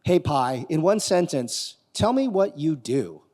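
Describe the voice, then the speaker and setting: Male keynote speaker, lively audience questions, voice rather high, long hall reverb. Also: unhurried. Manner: animated, quizzing the audience. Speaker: conference speaker. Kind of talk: live keynote talk with demo. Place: conference hall on stage.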